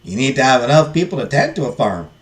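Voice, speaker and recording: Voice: mid-range voice, very animated, fast, echoey room, recorded from a distance, natural voice. A game streamer voicing a frank, strong-willed teenage farm girl. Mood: matter-of-fact.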